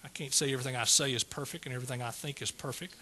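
A man's voice: medium pitch, fairly even intonation, rapid-fire, pushed and bright, a little hiss or hum. A male preacher giving a folksy sermon and calling out questions to his congregation.

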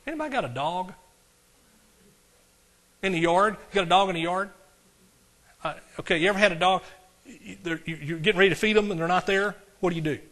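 Animated preaching man, fairly high voice. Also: a little fast, pauses often. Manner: animated, swings from loud preaching to quiet asides; talks directly to the congregation, asks questions. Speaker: pastor. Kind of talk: sermon.

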